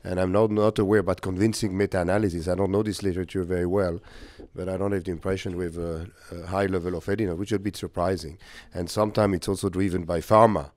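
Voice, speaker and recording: A man's voice: low-pitched, level tone, fast, a little mellow, no room sound. A man chairing a conference discussion, blunt and skeptical, in slightly non-native phrasing. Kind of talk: panel discussion questioning.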